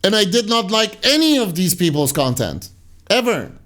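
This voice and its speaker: A man's voice: high voice, very animated, normal speed, a bit bright. A man hosting a commentary channel, casually reading viewer comments aloud and answering them with rambling, sarcastic asides that trail off into mutters.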